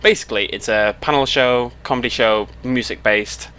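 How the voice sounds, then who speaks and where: A man's voice: mid-range voice, normal speed, sharp tone, clean tone. A young British man chatting casually to camera on a road trip, rambling and cutting himself off as he goes, speaking into a headset mic. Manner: chatty, rambling, self-interrupting. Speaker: YouTuber.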